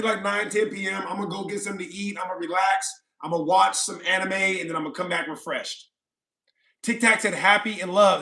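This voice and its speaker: A high-pitched man with a bright, forceful voice chats casually on his livestream. He rambles, repeats himself and laughs often while reading comments from viewers, speaking into a desk microphone. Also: vocal fry. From California. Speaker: livestream host.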